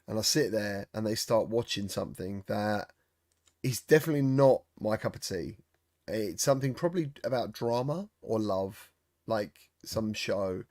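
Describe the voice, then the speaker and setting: A middle-aged man hosting a podcast, chatting casually and telling animated stories. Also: on the low side, moderate pace, no echo, clean studio sound. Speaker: podcast host. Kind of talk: casual chat.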